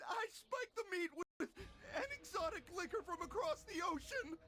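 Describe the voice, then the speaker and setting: An actor playing a frightened lowborn male butcher who pleads for his life in a game. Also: lively intonation, normal speed, full character voice. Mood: confessing. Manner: pleading, whimpering. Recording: game voice over loud music.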